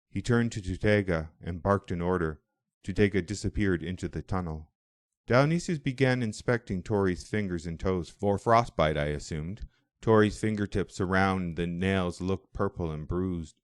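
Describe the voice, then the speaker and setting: A man narrating a first-person audiobook in a measured, reflective way. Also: low voice, no room sound, studio quality.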